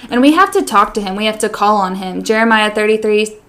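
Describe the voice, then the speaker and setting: A woman's voice: mid-range voice, fairly quick, a bit bright. A woman co-hosting a faith podcast, talking earnestly and leading the discussion in casual chat. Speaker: podcast co-host.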